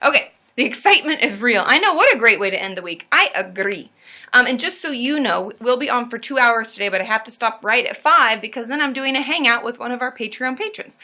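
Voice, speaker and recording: A woman hosting a live stream as a therapist, chatting casually and getting loud and excitable as she cheers. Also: on the high side, a little fast.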